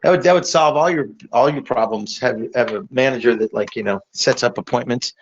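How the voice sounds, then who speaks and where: A man hosting a casual podcast chat, excitable and rambling, saying dude a lot. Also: mid-range voice, fairly quick, vocal fry, a little hiss or hum. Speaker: podcast host, comic book publisher. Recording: dull lo-fi audio.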